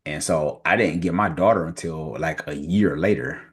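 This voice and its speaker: A man in his forties hosting a podcast, talking in a relaxed, affirming way. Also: a bass voice, moderate pace, husky. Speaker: podcast host. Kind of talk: podcast conversation.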